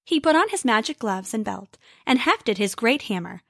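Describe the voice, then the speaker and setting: A woman telling a storybook tale aloud with an expressive, lively reading. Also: on the high side, moderate pace, creaky, no echo, clean studio sound.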